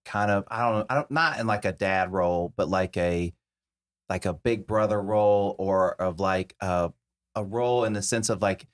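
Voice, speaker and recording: Podcast host, man with a lowish voice, asks meandering questions. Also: moderate pace. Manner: hesitant, rambling questions with many restarts. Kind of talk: casual interview chat.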